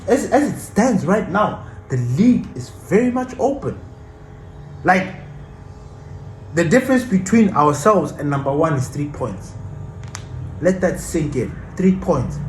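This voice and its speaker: A man's voice: a little high, reverberant, a little hiss or hum, poor audio. A man hosting a football fan channel, ranting passionately and defiantly about his team in casual commentary.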